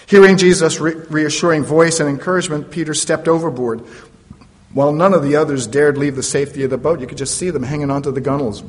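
A man's voice: a little high, steady tone, quick pace. A man preaching a sermon, retelling a story dramatically with playful asides. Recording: long reverb of a large hall.

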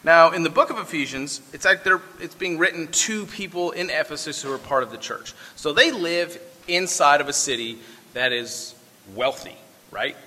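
A man preaching a sermon, mixing scripture reading with relaxed, folksy asides. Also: a little high, normal speed, big-room sound. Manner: conversational, folksy asides with fillers. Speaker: pastor.

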